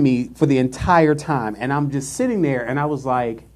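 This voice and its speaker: A man's voice: medium pitch, normal speed, few pauses, a little mellow. A man co-hosting a casual live-streamed chat show, telling a workplace story with sassy asides. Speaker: podcast co-host.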